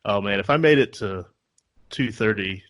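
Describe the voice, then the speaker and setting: A man's voice: fairly low pitch, normal speed, a bit bright. A man co-hosting a podcast who listens, reacts with short exclamations and laughs, and asks follow-up questions in casual chat. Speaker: podcast co-host.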